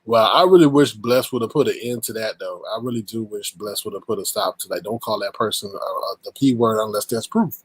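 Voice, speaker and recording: A man's voice: on the low side, fairly quick, few pauses, husky, no echo. A man hosting a casual commentary show who narrates over clips and drives each point home by repeating it. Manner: emphatic, repeats his points. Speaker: commentary host.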